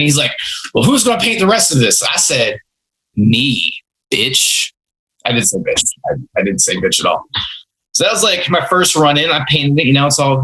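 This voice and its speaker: A man's voice: on the high side, sharp tone, low-quality recording. A young man hosting a podcast, telling rambling, self-mocking stories about his first jobs in a casual way. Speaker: podcast host. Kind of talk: casual storytelling.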